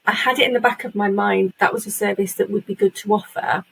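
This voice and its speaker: A woman's voice: mid-range voice, steady tone, quick pace, creaky, husky, rough recording. A woman, chatting as an interview guest about her business, telling self-deprecating stories. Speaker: guest, virtual assistant agency owner. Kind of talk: casual interview chat.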